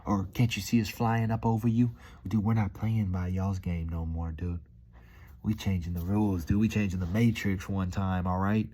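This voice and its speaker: A relaxed man muses out loud in a loose, rambling way, tossing in dude and man. His voice sits low and mellow. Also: moderate pace. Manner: laid-back, rambling, says dude and man a lot. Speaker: vlogger. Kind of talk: casual reflective monologue.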